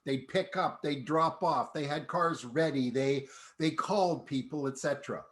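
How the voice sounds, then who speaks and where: A man hosting a panel discussion over video call, speaking in a relaxed, conversational way. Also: a little high, normal speed. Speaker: host.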